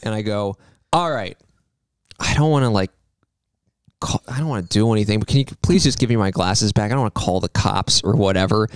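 A man's voice: lowish voice, a little fast, clear, resonant tone, no echo, clean studio sound. A man telling a long funny story in casual podcast chat, laughing often and acting out both sides of the conversation. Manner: animated, laughing through his own story. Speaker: podcast guest.

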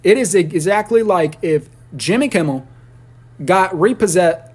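A man ranting on a casual livestream, rambling and profane, with sudden high squeals and shouts. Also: measured pace, husky.

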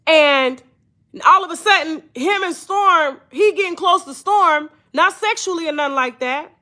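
A woman, hosting a blunt, profane, animated storytime commentary. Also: very high-pitched, a little slow. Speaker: commentary channel host.

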